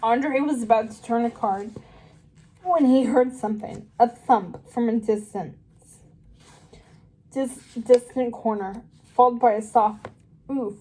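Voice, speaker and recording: A woman reading a children's novel aloud, slowly and carefully, with small slips and restarts. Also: on the high side, mellow, rough recording. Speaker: reader.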